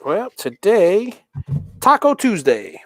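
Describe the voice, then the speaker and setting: A man's voice: high voice, huge pitch swings, takes it slowly, fairly bright tone, dry recording, clean studio sound. Rambling middle-aged man hosting a stream. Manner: rambling, self-interrupting storyteller. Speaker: livestream host. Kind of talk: casual chat while soldering.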